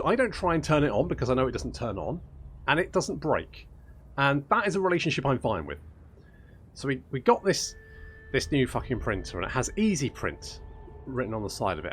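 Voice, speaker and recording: A man's voice: medium pitch, slightly rough. A man doing casual gameplay commentary as a YouTuber, ranting, swearing and mocking himself. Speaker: gaming YouTuber. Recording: faint game music behind.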